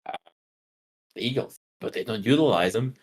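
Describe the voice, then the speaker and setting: A man's voice: mid-range voice, expressive, moderate pace. A man co-hosting a casual sports betting podcast, teasing his co-host and joking about his picks.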